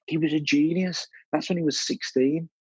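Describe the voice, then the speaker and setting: A man, a DJ guest telling his story in a blunt, animated, casual way, full of "you know" and "mate". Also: on the high side, normal speed, breathy edge, no room sound, muffled recording. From Birmingham, England.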